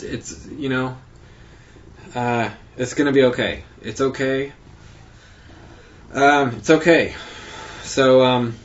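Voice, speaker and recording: A man hosting his own podcast, recapping his year in a halting, rambling monologue full of fillers and restarts. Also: mid-range voice, lo-fi sound, a little hiss or hum. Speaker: podcast host.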